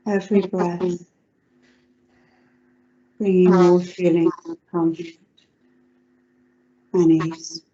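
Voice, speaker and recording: A woman psychotherapist leading a guided relaxation exercise over a video call, giving slow, soothing instructions. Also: fairly low pitch, flat delivery, warm tone, dull audio.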